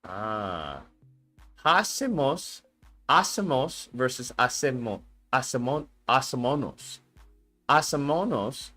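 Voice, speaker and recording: A man's voice: mid-range voice, sing-song, takes it slowly, pushed and bright, faint music behind. A young man on a casual live stream, thinking aloud with frequent cursing and reading answers off a screen.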